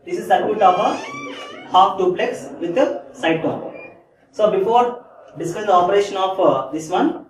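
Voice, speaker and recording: Male lecturer, high-pitched, repetitive teaching manner, echoey room, distant mic. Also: lively intonation, moderate pace, slight background noise. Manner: repeats key phrases, checks understanding with "Clear?". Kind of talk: classroom lecture.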